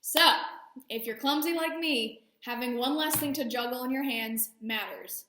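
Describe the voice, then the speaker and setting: A woman's voice: high voice, moderate pace, sharp tone, reverberant, slight background noise. A woman service dog training instructor explaining training methods with friendly, self-deprecating asides. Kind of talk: instructional talk.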